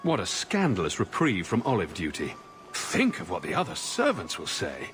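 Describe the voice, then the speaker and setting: A man's voice: deep voice, wildly swooping pitch, moderate pace, a bit bright, soft background music, full character voice. An actor voicing a dry, sarcastic male hero in a video game. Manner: sarcastic, mock-posh.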